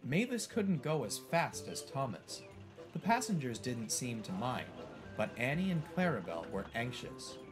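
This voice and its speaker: Guy reading a storybook out loud, super lively and up-and-down. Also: medium pitch, moderate pace, over music. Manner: expressive, animated. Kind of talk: scripted storybook narration.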